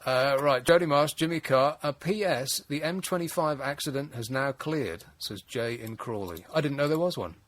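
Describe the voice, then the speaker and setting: A man's voice: mid-range voice, normal speed, hardly any pauses, fairly bright tone. A man hosting a late-night radio phone-in, wry and exasperated, rambling with frequent restarts. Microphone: studio mic.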